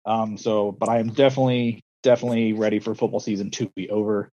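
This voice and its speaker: A young man who is a schoolteacher and coach co-hosts a podcast, chatting casually and rambling through stories with many fillers while quoting people in playful, acted-out voices. His voice is fairly low with little pitch movement, fast and mellow, and the highs sound cut off.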